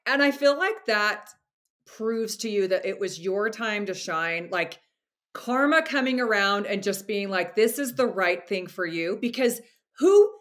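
A woman's voice: medium pitch, animated, measured pace, a bit bright. A woman hosting a podcast, chatting casually and affirming her guest with enthusiasm. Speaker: podcast host. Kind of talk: casual interview chat.

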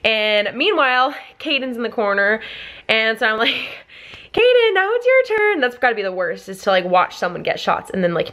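A woman's voice: mid-range voice, fairly bright tone. A young woman, a mother and family vlogger, telling a story to the camera in a chatty way, full of fillers and laughter.

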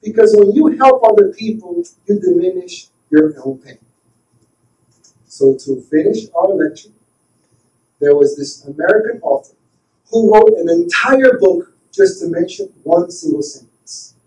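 A man giving an earnest spiritual lecture in a slow storytelling manner, heard in a lecture room from far off the mic. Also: high-pitched, big pitch swings, a little mellow. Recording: roomy hall, voice from far off.

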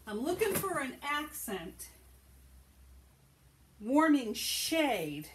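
A woman's voice: high-pitched, very animated, drawn-out words, heavy background noise. A woman hosting a casual live-stream sale, chatting to buyers by name and talking through items as she looks for them. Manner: chatty, thanks buyers by name, talks while rummaging.

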